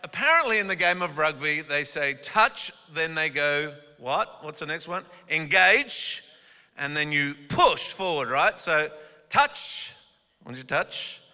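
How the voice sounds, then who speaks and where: A man preaches from the front of a church, his high, piercing voice cutting through a long, ringing hall reverb. He jokes with people he calls up, then leans into scripture with forceful, emphatic punches on key words. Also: animated, a little slow, clean tone. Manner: calls the congregation up and has them repeat words. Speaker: guest pastor. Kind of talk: energetic sermon. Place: church auditorium.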